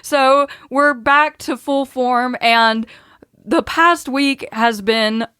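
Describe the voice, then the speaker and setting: A woman co-hosting a podcast in easy casual chat, backing up her partner with quick agreement. Her voice sits a little high, and the recording is dry and close. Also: pushed and bright, clean tone, dry recording. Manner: supportive listener, quick agreement and laughter. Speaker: podcast co-host.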